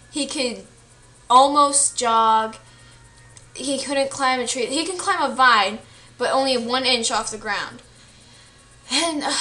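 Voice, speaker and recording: A young woman, a student vlogger, casually retells a story she read, acting out the quoted lines. Her voice sits high and a bit bright, and her delivery is chatty and full of fillers.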